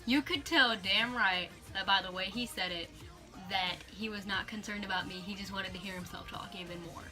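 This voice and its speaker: A woman telling a personal story on a vlog in an animated, chatty way with lots of fillers. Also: medium pitch, moderate pace, over music. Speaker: vlogger.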